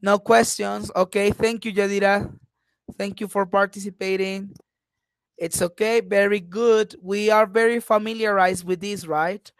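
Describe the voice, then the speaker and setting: A woman English teacher runs an online class over a video call. She talks slowly and patiently, drawing out her words and often adding encouraging uh-huhs. Her voice sits at a middle pitch and sounds dry and close. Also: fairly even intonation, no echo, rough recording.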